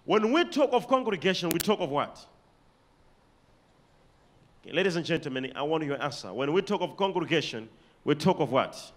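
A man with a Malawian accent preaching a sermon, emphatic, reading scripture slowly and telling the congregation to underline words. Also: sing-song. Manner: emphatic, dramatic swings in loudness and pitch, reads scripture slowly.

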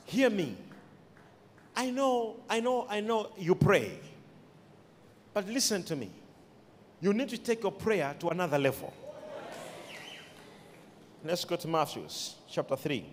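A man preaching a sermon, emphatic, with sudden shouted peaks and quiet asides, recorded in an echoey church hall. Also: sits high, very animated, unhurried, pauses often, slight background noise.

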